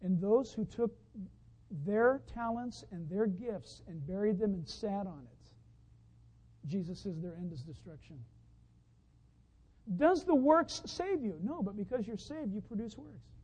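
A man preaching a sermon, telling a story as he goes, dropping from hushed to loud excited outbursts. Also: high-pitched, unhurried, pauses often, slightly rough, rough recording. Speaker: pastor.

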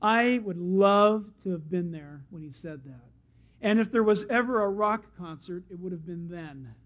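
A male pastor preaches with a high, lifted voice. He tells stories with animation and acts out the crowd. The recording is dull and lo-fi. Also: normal speed. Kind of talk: sermon.

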